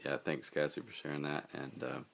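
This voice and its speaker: A man leading a group, giving relaxed, halting closing remarks full of fillers. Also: a bass voice, creaky. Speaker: group leader addressing a mission team.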